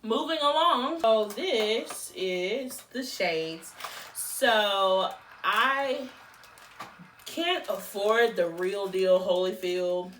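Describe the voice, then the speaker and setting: A woman's voice: mid-range voice, a bit bright, far from the mic, a little hiss or hum. A woman, chatting casually through a beauty product unboxing, exclaiming as she reacts. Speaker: beauty vlogger. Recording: roomy echo, a bit off-mic, faint music.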